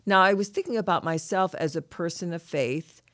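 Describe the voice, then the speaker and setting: A woman's voice: on the low side, fairly quick, a bit bright, no echo, clean studio sound. A woman co-hosting a scripture lesson, talking through a passage in an earnest, heartfelt way. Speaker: podcast co-host teaching scripture. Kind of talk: reflective scripture discussion.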